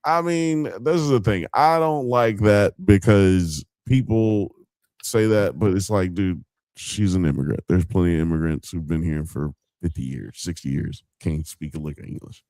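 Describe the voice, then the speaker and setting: A man's voice: deep voice, moderate pace, a little mellow, no echo, studio quality. A man hosting a podcast, arguing casually and swearing while talking over his co-host. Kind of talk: casual heated podcast debate.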